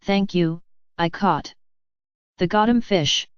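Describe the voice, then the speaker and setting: Prim sweet nun, woman reading, lowish voice, dry clear. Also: takes it slowly, dry recording, highs cut off.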